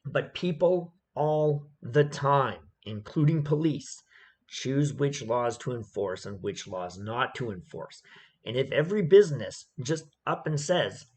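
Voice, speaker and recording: A man's voice: mid-range voice, lively intonation, unhurried, darkish tone, husky. A man giving opinionated commentary on a video clip, emphatic and repetitive, often checking in with "okay?".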